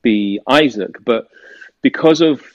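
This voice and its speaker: A British actor from the United Kingdom, giving an interview and telling stories in a rambling way, with many fillers. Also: male voice, mid-range voice, animated, slow pace, highs cut off. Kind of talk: casual interview talk.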